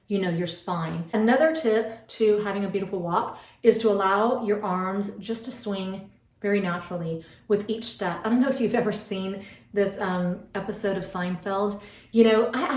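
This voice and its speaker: In a roomy recording with a distant mic, an American woman in her forties rambles through beauty tips, filling her vlog with fillers and asides. Her voice is mid-range and darkish.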